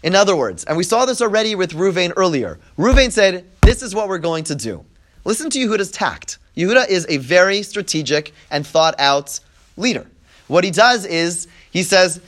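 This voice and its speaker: A man's voice: high-pitched, sing-song, moderate pace, a bit bright. A man teaching a text-study class, who reads verses aloud, translates them line by line, acts out the quoted speakers and keeps checking in with his listeners. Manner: explains step by step and checks in with "right?". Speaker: Bible teacher.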